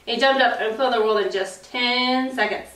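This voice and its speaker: A woman childcare teacher reading a picture book aloud at story time, affectionate and expressive. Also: a little high, normal speed. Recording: roomy, distant mic.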